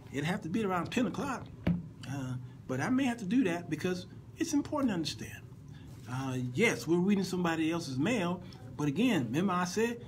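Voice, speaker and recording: A man's voice: sits high, a little hiss or hum, low-quality recording. A man hosting an informal Sunday school Bible lesson in a conversational way, often repeating and restarting words and making playful asides to his listeners.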